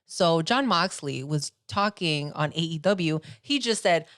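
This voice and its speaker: A woman's voice: low voice, expressive, a little slow, a bit bright, dry recording, clean studio sound. A woman hosting a podcast, chatting casually with chatty, giggly fan enthusiasm. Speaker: podcast host.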